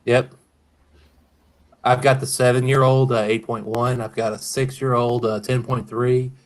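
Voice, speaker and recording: A man's voice: medium pitch, little pitch movement, measured pace. Man chatting about whiskey on a stream. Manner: rambling and hedging, with self-corrections. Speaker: host of a whiskey review stream. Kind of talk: casual whiskey-tasting livestream chat.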